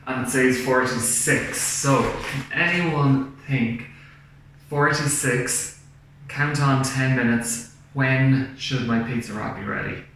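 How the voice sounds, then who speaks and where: A man, a primary school teacher giving a cooking lesson to children and asking them questions in a slow, clear, encouraging way. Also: mid-range voice, a bit bright. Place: home kitchen. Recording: very echoey room, faint background noise.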